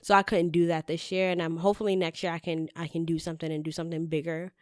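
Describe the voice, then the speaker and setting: A woman speaking as a guest in a casual interview, candid and animated, cursing freely as she tells her stories. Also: on the low side, fast talker, no room sound, studio quality. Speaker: podcast guest, editor-in-chief.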